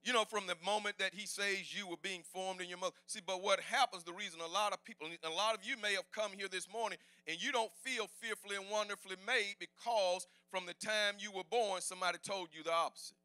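Shouting, high-voiced, bright male preacher. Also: steady tone, fast talker, hardly any pauses, clean tone, no echo. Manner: preaching with call-and-response, rising to shouts. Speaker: pastor. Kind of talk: sermon. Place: church sanctuary.

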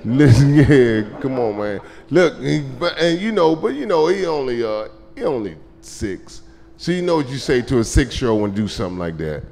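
A man doing live stand-up comedy, telling loose, profane stories and shouting his punchlines. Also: fairly high pitch, very animated, moderate pace, creaky. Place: comedy club stage. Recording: live club recording with crowd laughter. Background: audience laughter.

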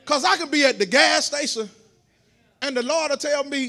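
A man preaching a sermon in a church, repeating his words as he goes and swelling into shouted preaching. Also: very high voice, normal speed, vocal fry. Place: church sanctuary.

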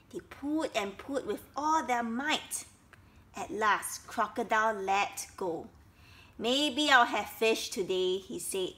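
Slow, bright-voiced woman reading a children's story. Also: mid-range voice. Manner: slow, explains each step for young listeners.

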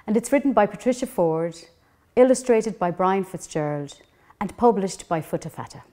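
A woman with an Irish accent, a children's librarian, reading a picture book aloud in a gentle, clear storytelling manner. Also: mid-range voice, normal speed.

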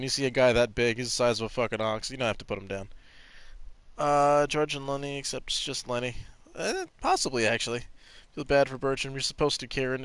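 A man giving loose, profane commentary as he plays a game and jokes with his chat. His voice sits at an ordinary pitch. The sound is dry and close, with no room around it. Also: fairly bright tone, clean tone, no echo. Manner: profane, joking, chatting to viewers. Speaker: streamer. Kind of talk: casual gameplay commentary.

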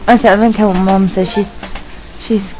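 A woman giving rambling casual commentary while playing a video game, chatting to her dog and reacting out loud. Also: medium pitch, moderate pace, background noise. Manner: excitable, yelps and squeals at the game. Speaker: let's play gamer.

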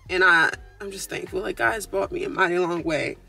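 A woman's voice: lowish voice, brisk, vocal fry, pushed and bright, soft background music. A woman vlogger talking from her car, giving earnest, preachy faith encouragement straight to her viewers. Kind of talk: casual faith encouragement talk.

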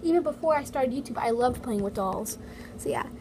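A woman's voice: a little high, lively intonation, fairly quick. A female toy vlogger chatting casually in her basement, full of "like" and "so yeah" fillers. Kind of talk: casual chat reading comments. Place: home basement. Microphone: iPad mini. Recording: noisy home recording, heater hum. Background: heater running.

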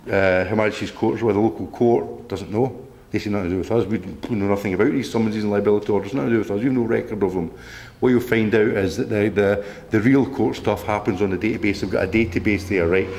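A man's voice: fairly low pitch, fast talker, a little mellow. A man giving a public talk to a local group, indignant and rambling, repeating himself as he reads letters aloud. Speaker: presenter.

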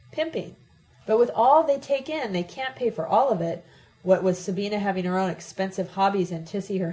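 A furious young man lays into someone, blunt and crude, scolding without letting up, as a woman reads him aloud. The voice stays mellow and soft-edged under the anger. It is a plain audiobook reading, not a showy performance. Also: medium pitch, lightly acted, low-quality recording.

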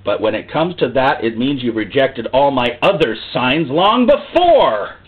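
A man's voice: mid-range voice, unhurried, slightly rough. A male pastor preaching a sermon in a dramatic style. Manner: dramatic, lively, acts out voices. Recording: tinny phone-like sound.

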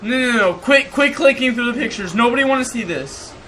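A man's voice: extremely high pitch, lively intonation, a little fast, pushed and bright, a little hiss or hum. A young man reacting to scary videos in casual commentary, jumpy and swearing, breaking into panicked screams.

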